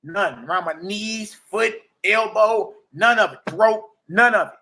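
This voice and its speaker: High-voiced, animated man in his forties. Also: measured pace, creaky. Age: 40s. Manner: animated, slangy, keeps asking "you dig?". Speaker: livestream host. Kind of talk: casual preaching testimony.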